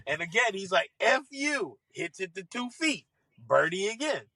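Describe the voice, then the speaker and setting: A man telling a lively story, acting out voices and laughing often. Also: sits high, normal speed, no room sound. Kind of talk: animated storytelling.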